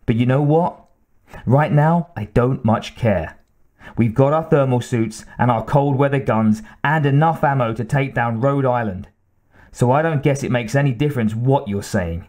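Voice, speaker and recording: A male reader plays an arrogant, blustering officer in a military thriller audiobook. His voice is brusque and bossy, pitched slightly higher than the narration. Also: moderate pace, a little mellow, natural voice. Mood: dismissive. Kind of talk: audiobook character reading.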